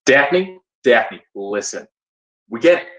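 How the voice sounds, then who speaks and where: An actor playing an earnest male actor who soothes a quarrel with halting apologies in a scripted video-call comedy. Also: mid-range voice, big pitch swings, a bit bright. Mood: placating. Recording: echoey room, mic far off.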